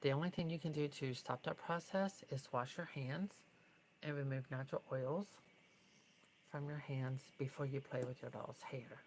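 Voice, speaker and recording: A woman's voice: rumbling low, steady tone, moderate pace, a little hiss or hum, rough recording. A woman talking casually as she works on a doll, chatty and opinionated, sometimes dropping to a whisper. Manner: chatty, opinionated, drifts between soft whispers and fuller speech. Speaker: doll customizer vlogger. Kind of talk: casual tutorial vlog.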